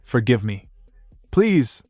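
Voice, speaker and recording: A man's voice: medium pitch, lively intonation, moderate pace, no room sound, clean studio sound, faint music behind, natural voice. A man playing a weakened adult father in a fan story, pleading for forgiveness. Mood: remorseful.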